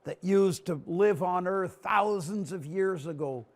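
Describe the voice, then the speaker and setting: Man doing an ancient gnome elder, gravelly. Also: high voice, measured pace. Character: ancient wise male gnome elder, calm.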